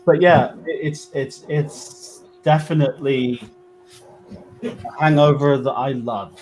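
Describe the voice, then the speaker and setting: A man's voice: mid-range voice, fairly even intonation, a little mellow, a little hiss or hum, poor audio. A man with a West Country English accent, a guest medium talking in a casual interview, full of fillers and restarts. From England. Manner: halting, many fillers and restarts.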